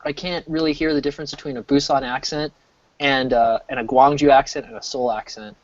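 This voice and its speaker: A man's voice: mid-range voice, fairly quick, no room sound. Rambling American man on a dull mic. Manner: rambling, restarts often, animated. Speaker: streamer. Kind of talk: casual chat. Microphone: desk mic.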